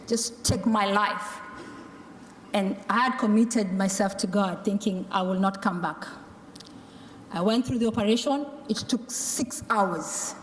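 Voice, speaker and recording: Speaking at a measured pace in a medium-pitched voice, a woman from the Maasai community of Kenya or Tanzania tells her story of surviving tuberculosis. She voices the words of her doctors and her mother, and the large conference hall she speaks in sounds echoey.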